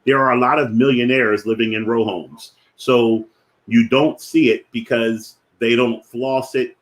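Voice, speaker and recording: A man with a strong Philadelphia accent talks through money basics in a mid-range voice. He lays out his points deliberately and slows down to repeat key definitions for emphasis. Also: medium pitch, fairly even intonation. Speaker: finance show host. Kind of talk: explanatory finance talk.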